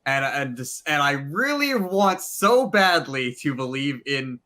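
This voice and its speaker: A man with a bright, forceful voice pitched a little high, chatting on a podcast. He talks animatedly, swears freely and plays the doubter of the group. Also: unhurried. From Savannah, Georgia. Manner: animated, swearing, self-styled skeptic. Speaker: podcast co-host. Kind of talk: casual chat.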